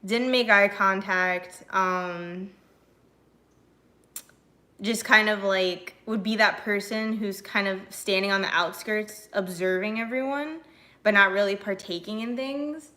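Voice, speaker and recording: Chatty young woman with a bright voice. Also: mid-range voice, slow pace. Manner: chatty and animated, many fillers, laughs often; reads and answers chat messages. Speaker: streamer. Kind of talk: casual chat to stream viewers.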